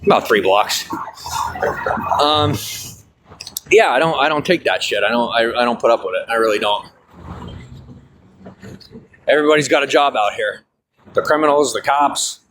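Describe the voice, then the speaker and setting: A man walks and talks into his handheld camera on a city sidewalk, chatty and blunt with a habit of swearing. His voice sits at an ordinary middle pitch. Faint street noise hums behind him. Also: a bit bright, poor audio. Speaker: vlogger. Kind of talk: casual walking vlog.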